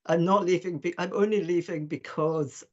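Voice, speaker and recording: A woman and departing board member replying at a formal meeting, emotional and halting. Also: fairly low pitch, fairly even intonation, a little mellow. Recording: muffled meeting stream audio.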